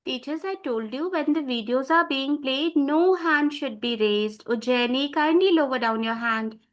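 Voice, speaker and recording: A woman running an online teacher training, giving brisk instructions and calling on participants by name. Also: sits high, a little hiss or hum.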